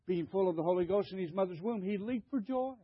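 A man's voice: sits high, fast, slightly rough, no echo, dull audio. An older man preaching a sermon, emphatic, stammering and repeating himself as he questions the congregation. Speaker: pastor.

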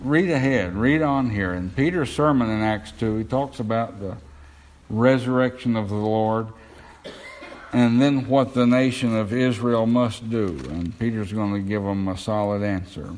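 A man's voice: on the low side, measured pace, darkish tone, slight background noise. A man preaching a sermon, earnest and emphatic, lifting his voice when quoting Scripture. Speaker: pastor.

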